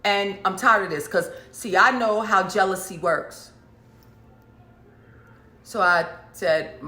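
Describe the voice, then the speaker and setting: A woman preacher telling a personal story in an emphatic, animated way, repeating phrases for effect. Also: mid-range voice, slow pace, long pauses, echoey room. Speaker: prophetess and preacher. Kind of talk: casual storytelling monologue.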